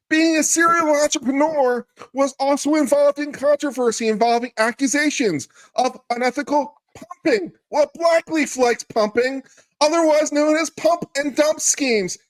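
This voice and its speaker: A man's voice: very high-pitched, dry recording, low-quality recording. A man doing a goofy, sing-song mock-innocent voice as part of a comedic dramatic reading.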